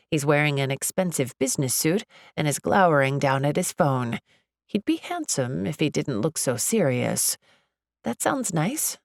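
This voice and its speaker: A woman narrating a romance audiobook in the first person, with an expressive, chatty delivery. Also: sits low, creaky, no room sound, clean studio sound. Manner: expressive, chatty, lively inner monologue.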